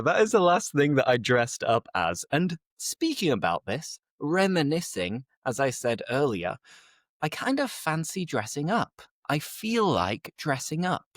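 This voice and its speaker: A man co-hosts a language-learning podcast in a relaxed, teacherly way, now and then dropping into Spanish. His voice rises and falls a lot as he talks. The sound is close and dry, with no room around it. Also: fairly high pitch, moderate pace, dry recording. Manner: lively, teacherly, drops in Spanish phrases. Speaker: podcast co-host and English teacher. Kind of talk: casual chat.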